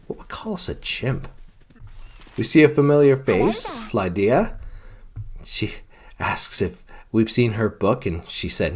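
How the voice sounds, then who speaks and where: A man with a lowish, expressive, unhurried voice narrates his role-play playthrough of a fantasy video game. He retells the characters' lines in his own words, dropping in some filler words.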